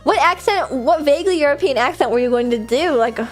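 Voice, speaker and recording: A high-voiced young American woman runs her livestream in loose, bubbly chatter. She laughs often and swears freely while answering chat, with soft music in the background. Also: animated, a little fast. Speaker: livestream host. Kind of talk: casual stream chat, reading chat aloud.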